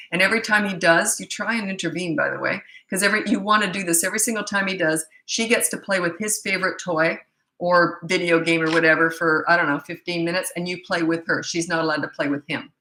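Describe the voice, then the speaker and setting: A woman's voice: fairly low pitch, pushed and bright. A middle-aged woman, a parenting coach, talking bluntly and chattily in a casual Q&A, full of asides. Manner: blunt, chatty, frequent "anyway" asides and quick laughs. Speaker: parenting coach and channel host. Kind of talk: casual Q&A monologue with anecdotes. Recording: echoey room.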